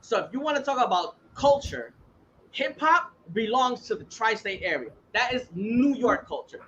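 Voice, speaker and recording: A man's voice: very high-pitched, big pitch swings, moderate pace, sharp tone, highs cut off, slight background noise. A man hosting a casual podcast chat, ranting heatedly and swearing freely. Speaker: podcast host.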